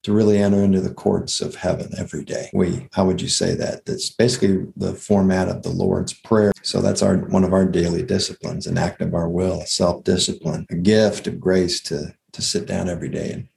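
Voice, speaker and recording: A man's voice: low voice, level tone, fairly quick, gravelly, hardly any pauses, a little mellow. A man co-hosting a conversational health podcast, explaining ideas with frequent restarts and checking in with his listener. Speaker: co-host, health practitioner. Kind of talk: casual conversational podcast talk.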